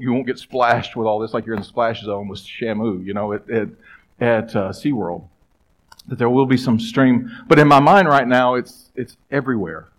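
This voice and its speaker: A man's voice: mid-range voice, poor audio. Conversational male pastor preaching. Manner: conversational, emphatic preaching with rising stresses and pauses. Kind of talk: sermon.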